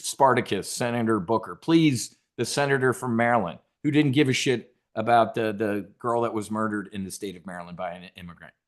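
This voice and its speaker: A man hosting a trading show, delivering a sarcastic, profane political rant with loud bursts of emphasis. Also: mid-range voice. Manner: combative, sarcastic, swears a lot. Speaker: host of a stock options trading show.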